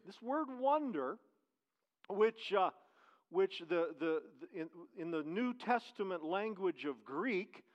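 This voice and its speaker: A man's voice: high-pitched, animated, slow. A man, preaching a sermon as pastor in a conversational way, with restarts and rhetorical questions. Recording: dull, lo-fi church recording.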